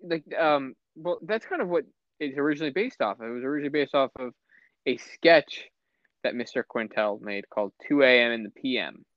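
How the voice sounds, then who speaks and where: A man's voice: medium pitch, expressive, fairly quick, fairly bright tone, no room sound. A young man chatting casually as a podcast co-host, rambling and stammering, laughing often. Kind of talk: casual chat. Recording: slightly muffled lo-fi audio.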